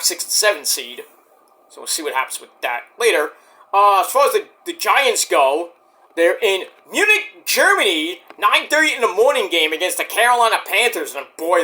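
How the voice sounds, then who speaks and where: A show reviewer talks loosely to camera while watching, narrating the action and trailing off into asides and curses as he mutters to himself. His voice is on the high side with a bright, forward edge, and his running commentary is unscripted, rambling and profane.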